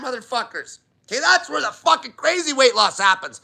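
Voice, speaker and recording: A man's voice: very high-pitched, animated, brisk, vocal fry, pushed and bright. A man hosting a live diet Q&A, talking bluntly and swearing constantly in an emphatic rant. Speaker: diet channel host.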